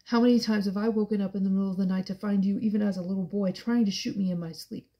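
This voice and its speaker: A woman's voice: mid-range voice, fairly even intonation, fast, dark tone, close to an everyday voice. Woman reading as a cruel mocking father. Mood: contemptuous. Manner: taunting, contemptuous.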